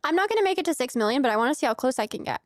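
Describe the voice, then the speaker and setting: A woman's voice: high voice, big pitch swings, racing, no echo, clean studio sound. A young woman from the United States chatting casually with her viewers while streaming a game, giggly and full of filler words. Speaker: streamer playing a farming game.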